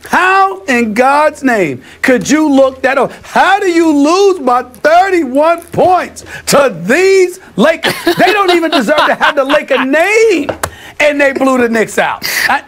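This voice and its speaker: A middle-aged man ranting loudly on a sports debate show, emphatic and repetitive, with frequent shouting. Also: very high-pitched, lively intonation, takes it slowly. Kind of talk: loud sports rant.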